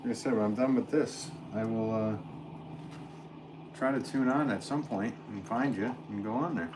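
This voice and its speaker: Chatty Connecticut potter, low voice. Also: male voice, moderate pace, noisy background. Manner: relaxed, chatty, reads viewer comments aloud with little laughs. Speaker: potter hosting a livestream. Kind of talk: casual livestream chat while working. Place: pottery studio.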